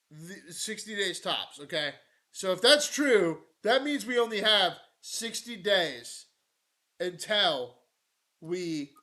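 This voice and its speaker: Man, streamer-commentator, high voice, profane rants, mocking and chatty with his audience. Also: sharp tone. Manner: swinging between mocking rants and low mutters, heavy swearing. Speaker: live-stream news commentator.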